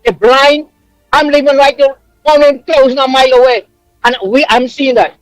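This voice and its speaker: A man's voice: very high-pitched, fairly even intonation, moderate pace, dry recording, faint music behind, poor audio. A man, calling in from abroad to a talk radio show, emotional and preaching with emphatic repetition. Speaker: caller living abroad. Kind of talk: impassioned call-in rant.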